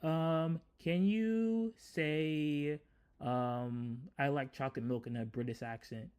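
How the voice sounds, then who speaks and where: A man's voice: on the high side, steady tone, slow, a little mellow, clean tone. A man hosting a casual coding tutorial, talking hesitantly with many restarts. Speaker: tutorial host, developer. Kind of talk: casual screen-recorded tutorial.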